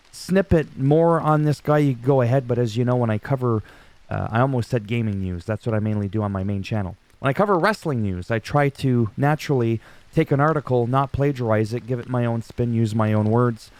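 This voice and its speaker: A man's voice: medium pitch, darkish tone. A man in his forties giving casual solo wrestling news commentary, joking and self-mocking with rambling asides.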